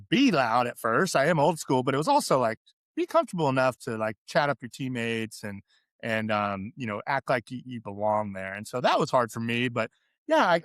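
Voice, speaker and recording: A middle-aged man from California, a podcast guest and former pro athlete, telling candid stories in an animated, chatty way. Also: mid-range voice, clean tone, no echo, studio quality. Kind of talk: interview storytelling.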